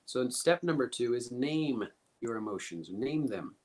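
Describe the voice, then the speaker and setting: A man's voice: medium pitch, animated, moderate pace. A man giving an instructive talk as a guest speaker, coaching listeners earnestly and asking many rhetorical questions. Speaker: guest speaker teaching emotional coping steps.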